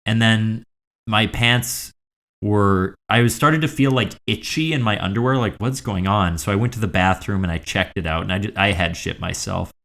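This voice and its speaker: A man's voice: lowish voice, moderate pace, vocal fry, a bit bright. A man co-hosting a comedy podcast, telling a long story in a rambling, casual way. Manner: rambling, filler-heavy storytelling. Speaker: podcast co-host.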